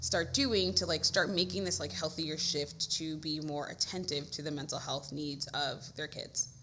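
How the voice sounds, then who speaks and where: Bright-voiced woman host with faint noise. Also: low voice, fairly even intonation, moderate pace. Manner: affirming, frequent listening sounds. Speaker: podcast host. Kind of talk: casual interview.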